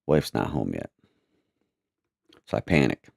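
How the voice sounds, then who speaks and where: A man telling a personal testimony in a halting, repetitive, earnest way. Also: a bass voice, very animated, vocal fry, a little mellow, slightly rough, no echo, clean studio sound.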